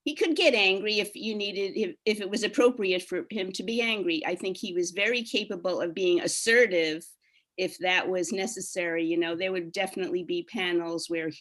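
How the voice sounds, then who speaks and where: A woman speaking quietly at a community memorial about a colleague, hesitant and full of fillers. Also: on the low side. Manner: soft-spoken, hesitant, many fillers. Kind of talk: personal tribute at a memorial.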